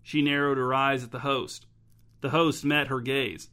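A man narrating a story in a steady, measured audiobook style. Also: mid-range voice.

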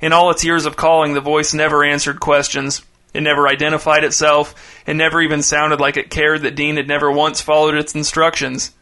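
A man reading a short story aloud in a measured, deadpan way. His voice is bright and slightly high, and his intonation stays flat and even. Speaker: narrator. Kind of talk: scripted short story narration.

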